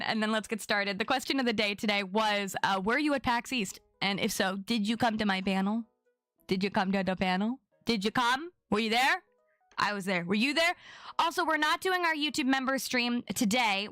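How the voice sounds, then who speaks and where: A woman's voice: a little high, sharp tone, no echo. A young adult woman chatting casually on her live stream, bubbly and chatty as she greets viewers by name.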